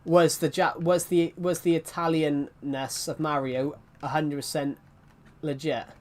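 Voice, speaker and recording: A man's voice: fairly high pitch, level tone, measured pace, darkish tone, a little hiss or hum. A young man streaming a game, chatting casually and rambling between laughs. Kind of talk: casual live-stream chat.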